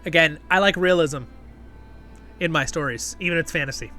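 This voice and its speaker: A man talks through a review in a loose, rambling way, tossing in fillers and asking "right?" as he goes. His voice sits high and sounds bright and forceful. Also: brisk, faint music behind. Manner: chatty, rambling, filler-heavy with frequent "right?" checks. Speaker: host and show reviewer. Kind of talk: casual spoken review.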